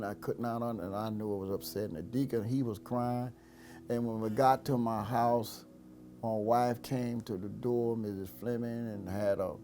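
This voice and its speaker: An older man who is a pastor gives a halting personal testimony in a lowish, warm voice. His delivery rises and falls sharply, and he repeats words.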